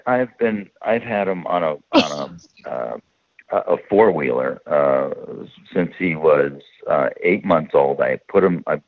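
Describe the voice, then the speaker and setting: A deep-voiced middle-aged man tells a long story at an easy, casual pace, stopping and restarting his sentences often. His voice comes through a thin, phone-like line. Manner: rambling, halting, many restarts. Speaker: guest.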